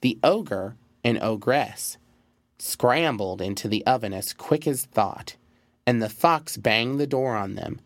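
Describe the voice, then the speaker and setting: A man narrating a fairy tale in a measured, expressive storybook reading. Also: medium pitch, no room sound.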